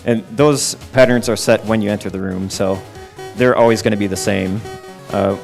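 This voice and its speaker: A man with a lowish voice patiently walks through what is happening in a speedrun, peppering it with "um"s. Faint music plays behind him. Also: steady tone, normal speed, gravelly. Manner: explanatory, many "um" fillers. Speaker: game commentator. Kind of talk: casual live speedrun commentary.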